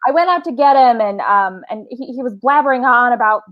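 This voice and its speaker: A woman's voice: fairly high pitch, animated, a little fast, dry recording. A woman improvising a scene, hesitant and stammering with many fillers. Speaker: improv performer. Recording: dull dry lo-fi sound.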